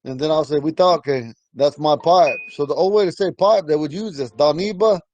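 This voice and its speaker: A man's voice: a little high, brisk, darkish tone, a little hiss or hum, rough recording. A middle-aged man teaching an informal language class, telling rambling stories and chuckling often. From Ponca community, Nebraska.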